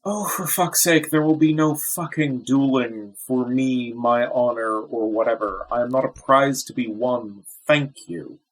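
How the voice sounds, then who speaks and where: Brief: husky male player, unhurried, blunt and sweary. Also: mid-range voice, steady tone, poor audio.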